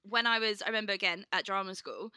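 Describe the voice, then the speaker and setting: Chatty woman, very bright voice. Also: medium pitch, quick pace, clean tone, no room sound, clean studio sound. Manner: chatty storyteller, lots of "like", acts out quotes. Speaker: podcast co-host. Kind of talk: casual chat.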